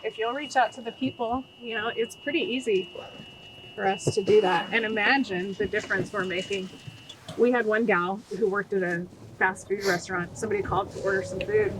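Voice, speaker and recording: A middle-aged woman speaking earnestly as a guest on a podcast interview, telling stories with animated energy. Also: medium pitch, noisy background. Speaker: guest, nonprofit founder.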